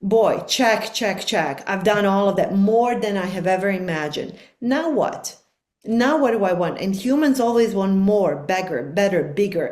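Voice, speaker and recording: A woman's voice: medium pitch, expressive, a little slow, a little mellow, roomy sound. A middle-aged woman speaking as a life coach guest on a podcast, talking in an earnest, reflective and emphatic way. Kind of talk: podcast conversation.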